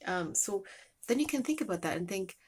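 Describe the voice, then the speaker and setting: A woman's voice: mid-range voice, expressive, brisk, breathy edge. A woman telling a meandering, casual story as a lesson, with many fillers and restarts.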